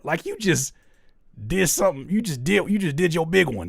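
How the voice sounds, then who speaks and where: A man hosting a live music critique show, ranting with animated, exasperated humor. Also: high voice, moderate pace, vocal fry, husky, no room sound, clean studio sound. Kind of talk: livestream music feedback, casual and comedic.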